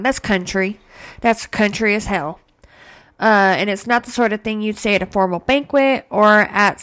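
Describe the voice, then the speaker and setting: A woman's voice: mid-range voice, a bit bright. A woman hosting a podcast alone, talking casually in a playful, slangy way with joking asides. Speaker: podcast host. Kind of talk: casual solo podcast monologue.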